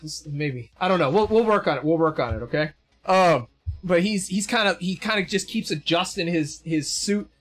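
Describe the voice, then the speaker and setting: A man's voice: high-pitched, expressive, normal speed, faint music behind. A man narrating a tabletop game as game master, rambling with lots of fillers and self-deprecating asides.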